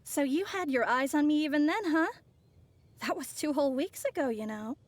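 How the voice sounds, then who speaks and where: A woman's voice: sits high, animated, normal speed, a little hiss or hum. A woman voicing a poised, formal young messenger in a video game. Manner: formal, polite.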